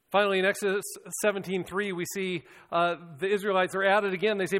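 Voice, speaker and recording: A man's voice: high-pitched, flat delivery, fast, few pauses, a bit bright, long reverb tail. A man preaching a sermon in an earnest, reflective way, often restarting and repeating words as he speaks.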